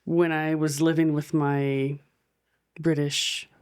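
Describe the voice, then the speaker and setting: Low-voiced chatty American woman. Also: flat delivery, slow, a little mellow, smooth. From United States. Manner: chatty, laughs often. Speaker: podcast co-host. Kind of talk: casual chat.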